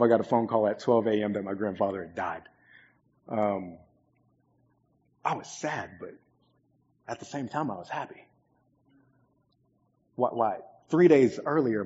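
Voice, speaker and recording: A man's voice: medium pitch, moderate pace, pauses often, slightly rough. A man in his twenties preaching a sermon as pastor, earnest and conversational, with frequent "um"s. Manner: earnest, conversational storytelling with many fillers. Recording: echoey hall, dull lo-fi sound.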